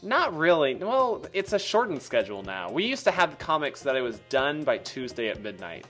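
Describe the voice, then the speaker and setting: Animated joking young man. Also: a little high, moderate pace, soft background music. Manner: joking, rambling, self-mocking with frequent laughs. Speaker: webcomic co-creator and artist. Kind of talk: casual podcast banter.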